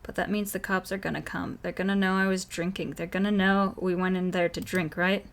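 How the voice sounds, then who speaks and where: A woman's voice: lowish voice, level tone, fairly quick, creaky. A woman reads a horror visual novel aloud on stream, giving every character's lines in her own everyday voice. Between lines she breaks off to react to the story. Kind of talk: reading game dialogue aloud with own reactions.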